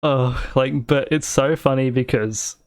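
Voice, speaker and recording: A man's voice: mid-range voice, a little slow, no room sound, clean studio sound. A man with an Australian accent hosting a casual podcast, telling rambling stories and laughing often. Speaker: podcast host.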